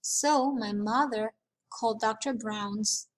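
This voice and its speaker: A woman reading a children's novel aloud in a lively storytelling manner. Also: on the high side, slow pace, poor audio. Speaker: reader.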